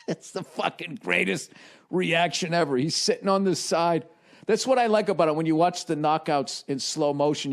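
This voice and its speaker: A man in his forties with a Boston accent, telling a rambling, profane comic story on his podcast and mimicking the people in it. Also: a little high. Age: 40s. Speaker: comedian and podcast host.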